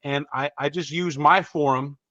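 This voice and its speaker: A man's voice: a little high, fairly even intonation, normal speed, bright, forceful tone, dry recording. Earnest guest man, lo-fi sound. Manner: earnest, modest, stumbling restarts. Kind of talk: casual chat. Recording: dull dry lo-fi audio.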